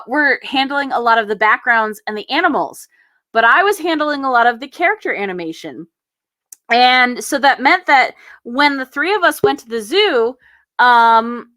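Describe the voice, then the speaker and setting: A woman's voice: a little high, a bit bright, dry recording. A woman in her thirties hosting a casual drawing stream, chatty and self-deprecating, often laughing as she talks. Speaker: stream host. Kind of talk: casual chat while drawing.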